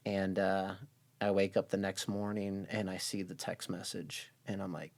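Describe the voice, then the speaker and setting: A man with a low, gravelly voice tells a personal story as a podcast guest. He speaks earnestly and often drops to a hush. He livens up when he quotes other people. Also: little pitch movement, normal speed. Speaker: podcast guest, gym owner.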